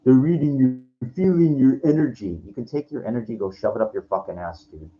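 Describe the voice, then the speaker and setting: A man's voice: medium pitch, fairly quick. A man in his forties ranting profanely into his own vlog, rambling with many restarts and frustrated asides. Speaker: vlogger. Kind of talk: frustrated personal rant to camera. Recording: lo-fi with faint background noise.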